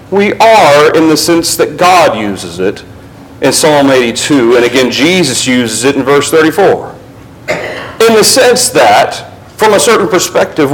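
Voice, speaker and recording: A man preaching a sermon, reading scripture aloud and explaining it verse by verse, dropping low for emphasis and rising for quoted passages. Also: low-quality recording. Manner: shifts between low, quiet emphasis and raised, quicker passages.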